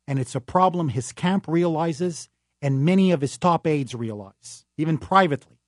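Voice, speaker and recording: A man hosting a talk radio show, delivering an emphatic, rapid-fire, opinionated political monologue. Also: a little high, a little mellow, no echo, clean studio sound.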